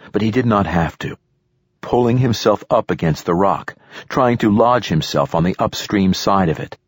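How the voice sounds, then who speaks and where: A man reading a first-person action story aloud, with steady, measured narration and raised bursts for the shouted dialogue. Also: low voice, slightly rough, no echo, clean studio sound. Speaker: audiobook narrator.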